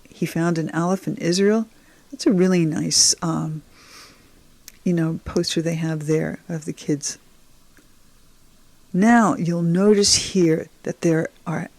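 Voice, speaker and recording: This Hebrew teacher's lowish, slightly mellow voice moves at a measured pace as she narrates beginner slides, with no room sound. She speaks directly to viewers, patient and encouraging.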